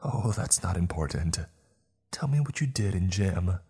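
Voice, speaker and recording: A cold, menacing teen experimenter, as a male narrator puts him on, speaking in a slow, detached drawl for a horror story. The voice is very deep and husky. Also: animated, dark tone, exaggerated voice.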